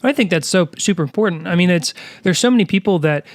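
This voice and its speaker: A man's voice: high-pitched, animated, dry recording, clean studio sound. A man in his twenties co-hosting a church podcast, talking earnestly with many fillers. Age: 20s. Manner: quick, earnest, lots of fillers. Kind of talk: casual chat.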